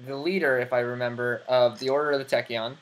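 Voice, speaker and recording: A man's voice: mid-range voice, fairly even intonation, fast talker, a bit bright. A man hosting an online show, chatting casually with a guest over a voice call. He laughs a lot and drifts into rambling asides. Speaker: host. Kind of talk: casual interview chat. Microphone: computer mic over a voice call.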